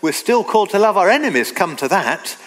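A man preaching a sermon, earnest and emphatic, slowing down to read scripture aloud. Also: high voice, big pitch swings, fairly bright tone. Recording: long reverb of a hall.

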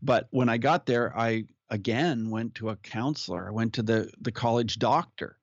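A man telling his life story as a guest in an interview, speaking earnestly and at an unhurried pace. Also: medium pitch, no room sound. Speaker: podcast guest who hosts his own show. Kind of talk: personal storytelling in conversation. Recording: slightly muffled audio.

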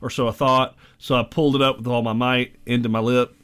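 A man's voice: mid-range voice, flat delivery, fairly quick, a bit bright, clear, resonant tone. A man co-hosting a podcast in casual chat, jokey and easygoing, laughing often as he tells stories. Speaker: podcast co-host.

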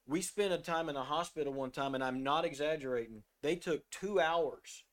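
A man's voice: fairly high pitch, normal speed. Earnest middle-aged man telling a story. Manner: earnest, storytelling, drops to a soft voice when quoting himself. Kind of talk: faith discussion, reading scripture.

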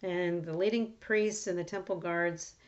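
A woman's voice: fairly low pitch, steady tone, a little slow. A woman talking through a Bible passage in a casual, rambling way, full of fillers and restarts. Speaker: Bible study speaker. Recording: dull lo-fi recording.

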